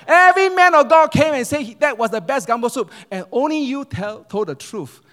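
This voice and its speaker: A man voicing a grumpy, taciturn husband who speaks out loud and blunt, in a sermon story. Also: very high-pitched, animated, a little fast, long reverb tail, voice pushed up. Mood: emphatic.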